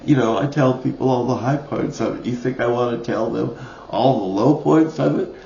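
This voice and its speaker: A man's voice: medium pitch, moderate pace, vocal fry, warm tone, a little hiss or hum. A man in an angry, rambling monologue, swearing often and laughing now and then. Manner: profane, ranting, with short laughs. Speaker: vlogger. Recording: dull, roomy lo-fi recording.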